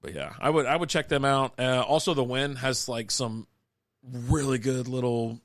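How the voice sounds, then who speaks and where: A man co-hosting a relaxed live-stream chat, rambling loosely with casual swearing and frequent laughs. His voice sits at an ordinary middle pitch and sounds dry and close, with no room echo. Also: moderate pace. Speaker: podcast co-host.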